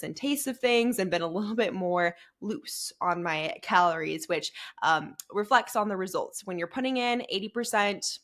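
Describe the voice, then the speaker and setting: Bright-voiced chatty woman podcast host. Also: lowish voice. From Phoenix, Arizona. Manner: chatty and upbeat, many fillers like "um" and "like". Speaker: podcast host and fitness coach. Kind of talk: casual solo podcast chat.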